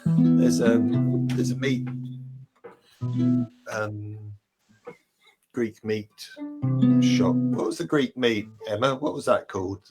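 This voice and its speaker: A man guesting as a musician, talking casually in a halting way. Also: medium pitch, fairly even intonation, over loud music, low-quality recording. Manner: hesitant, halting. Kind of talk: casual chat.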